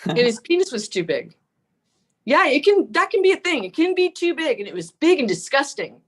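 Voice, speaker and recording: A woman's voice: high-pitched, very animated, fairly quick. An older woman performing a raunchy stand-up set over a video call from home, mocking herself and laughing at her own jokes. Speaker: stand-up comic.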